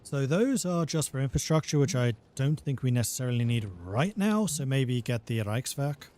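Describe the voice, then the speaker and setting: Man calmly explaining strategy game mechanics. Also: medium pitch, normal speed. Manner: patient, step-by-step explanations. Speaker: game developer. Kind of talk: explaining gameplay on a livestream.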